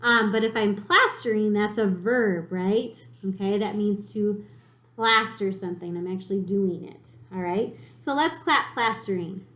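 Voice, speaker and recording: A woman's voice: mid-range voice, steady tone, unhurried, fairly bright tone. A woman teaching a third grade reading lesson, patiently sounding words out syllable by syllable. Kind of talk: slow spelling lesson for children. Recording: echoey room.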